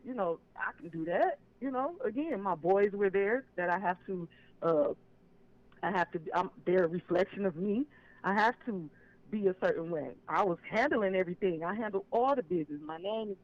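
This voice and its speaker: Over a dull, lo-fi phone connection, a caller with a notably high voice phones in to a live stream. He relates his story with emphasis and evident grievance, hammering each point.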